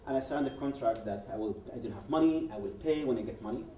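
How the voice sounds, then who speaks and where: Telling his personal testimony like a story, a guest speaker from Yemen addresses a public event, acting out quoted exchanges and restarting sentences a lot. He has a mid-range, warm voice and speaks fast, with a little hiss or hum present. The setting is a roomy event hall, with him positioned far from the mic.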